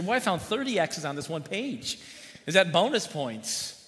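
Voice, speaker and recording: A man's voice: fairly high pitch, expressive, a little fast, fairly bright tone. A man preaching a sermon as pastor, folksy, telling jokes and asking the congregation questions. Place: church sanctuary. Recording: long church hall reverb.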